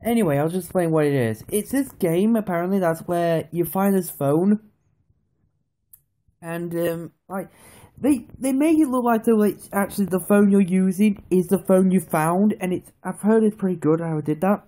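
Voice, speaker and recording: A man's voice: high-pitched, moderate pace, dark tone. A young man casually commenting on a phone game he is playing, rambling and nervous, recorded on the phone itself. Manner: nervous, jumpy, rambling with fillers. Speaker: gaming channel host.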